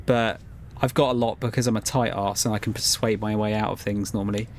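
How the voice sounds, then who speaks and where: A man's voice: on the low side, steady tone, fairly quick, slight background noise. Chatty man streaming a game. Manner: chatty, wry. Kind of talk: casual gameplay commentary.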